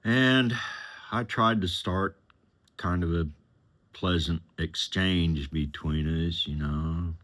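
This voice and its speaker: A man telling a personal story from his years as a chauffeur, in a plain-spoken, unhurried, conversational way. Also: low-pitched, fairly bright tone.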